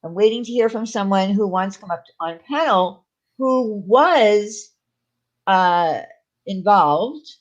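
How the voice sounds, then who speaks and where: A woman's voice: medium pitch, expressive, takes it slowly, highs cut off. A woman hosting a casual livestream, talking in a rambling way with lots of fillers and restarts. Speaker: channel host.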